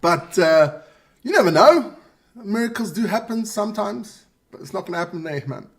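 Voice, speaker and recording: A man's voice: sits high, expressive, moderate pace. A man hosting a live sports show, running through results in a casual, joking way with asides to his viewers. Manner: chatty, joking, reads scores with asides to viewers.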